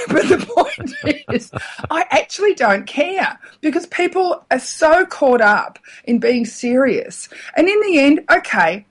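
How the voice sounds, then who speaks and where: A middle-aged woman, a radio comedian, telling stories in a casual interview, animated and laughing often. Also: high-pitched, slow pace.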